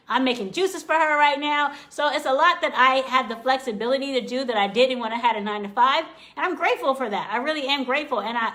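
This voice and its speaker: A woman's voice: high-pitched, pushed and bright. A woman coach talking live to viewers, upbeat and encouraging, repeating phrases for emphasis and greeting people as they join. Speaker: online course coach. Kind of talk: live-stream coaching talk.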